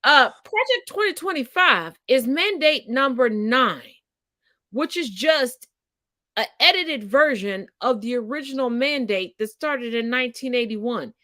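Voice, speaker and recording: A woman co-host ranting in casual podcast chat, blunt and full of profanity. Her voice sits a touch high for a woman. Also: expressive, unhurried, sharp tone, dry recording, studio quality.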